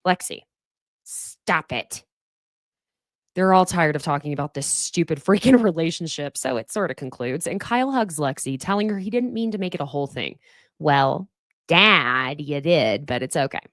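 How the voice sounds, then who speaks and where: Lowish-voiced woman, sassy reality-show recapper, swoops up in pitch for emphasis, dry close sound. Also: normal speed, no room sound. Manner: animated, sassy commentary with exaggerated pitch jumps. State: sniffly from allergies. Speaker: podcast host.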